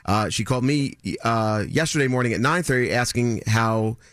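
A man in his thirties telling a story on a morning radio show, animated and mimicking other people in a higher voice. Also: normal speed, dry recording, studio quality. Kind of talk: casual chat, telling a story.

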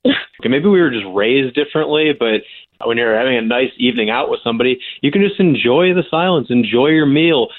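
A man's voice: medium pitch, expressive, fairly quick. A man on the phone with a radio show, stubbornly defending his views. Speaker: caller. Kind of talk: phone call on air. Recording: tinny phone line.

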